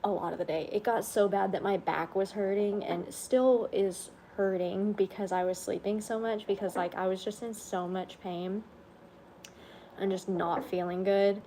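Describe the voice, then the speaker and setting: A woman's voice: mid-range voice, steady tone, moderate pace, a little hiss or hum. A woman chatting on a casual livestream, tired and under the weather, rambling and yawning. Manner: rambling, yawning, soft-spoken asides. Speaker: vlogger on a livestream.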